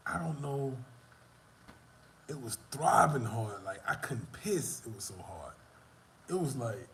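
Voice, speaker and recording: A man's voice: mid-range voice, expressive, a little fast, slight background noise. A young man chatting on a live stream, telling a rambling, profane story in a loose, casual way. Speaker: vlogger answering live chat.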